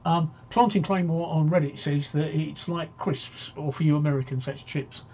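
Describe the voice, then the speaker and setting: A man's voice: on the high side, steady tone, moderate pace, a little mellow, a little hiss or hum. A man hosting a casual live-stream talk show, rambling and joking as he reads out viewer comments.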